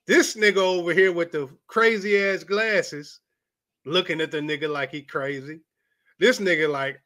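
A man with a high, sharp-edged voice delivers his opinion on boxing straight to the camera. He swears freely and keeps a heated, blunt edge throughout. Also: sing-song, normal speed. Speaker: boxing commentator. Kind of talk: ranting commentary vlog.

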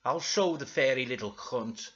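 Guy doing a super high angry magic creature, scolds n swears, lo-fi. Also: moderate pace, natural voice. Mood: scolding. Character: angry magical spring-bodied male creature.

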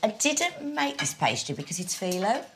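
A woman's voice: mid-range voice, very animated, normal speed, background noise. A woman hosting a dinner party, explaining her dishes in casual talk.

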